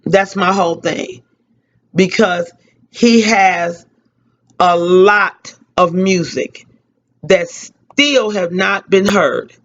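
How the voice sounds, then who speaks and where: A grieving woman speaks on a radio tribute, her words slow and halting as she repeats herself through tears. The sound is muffled and lo-fi, like an old broadcast. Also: lowish voice, a bit bright. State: tearful. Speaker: radio host giving a tribute. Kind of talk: emotional spoken tribute. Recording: dull lo-fi radio recording.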